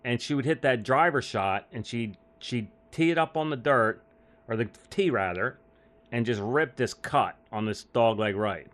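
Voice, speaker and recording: A man in an easy, rambling storytelling mode, full of "like" and quick laughs. His voice sits at an ordinary middle pitch for a man, and he recounts his caddie days in a loose, chatty way. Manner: rambling, heavy use of "like", frequent laughs. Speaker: caddie telling stories as a guest. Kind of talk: casual storytelling.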